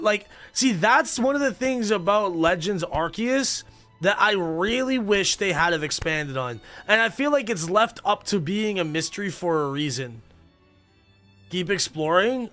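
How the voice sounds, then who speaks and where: A man's voice: high-pitched, sharp tone. A young man livestreaming a game, chatting casually and reading game text aloud with offhand reactions, sleepy and yawning. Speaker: gaming streamer.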